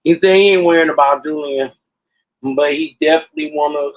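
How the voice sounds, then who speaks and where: A man rants into his computer mic during a casual livestream. His voice sits a little high, and he tells his stories in a loose, profane, animated way. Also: brisk, highs cut off. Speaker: livestream host.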